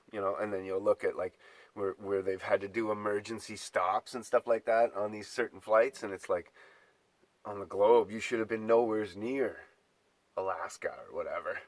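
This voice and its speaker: Man, low voice. Profane, exasperated rant straight to camera, dry close sound. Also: dry recording. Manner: exasperated, swearing, mocking. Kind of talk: profane ranting monologue.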